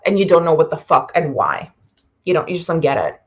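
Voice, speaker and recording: A woman's voice: sits low, big pitch swings, fairly quick, lo-fi sound. A woman business coach talking bluntly to a live audience, swearing freely and rambling. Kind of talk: live-streamed masterclass.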